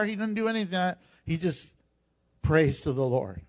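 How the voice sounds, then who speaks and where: This sermon features a male pastor whose high, animated voice never loses its liveliness, at normal speed. He switches between scripture passages and plain speech to his church, and the audio is dull and lo-fi.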